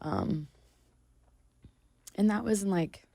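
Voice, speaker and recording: A woman's voice: medium pitch, expressive, takes it slowly, creaky, mellow, no echo. A woman in her thirties, a singer being interviewed, talking in a meandering, laid-back way. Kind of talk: casual chat.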